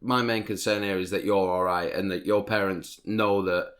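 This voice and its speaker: A man's voice: on the low side, steady tone, normal speed, a bit bright. A man, hosting a podcast, telling a long rambling story in casual chat with lots of swearing. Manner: rambling storytelling, heavy swearing, frequent laughs. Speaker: podcast host.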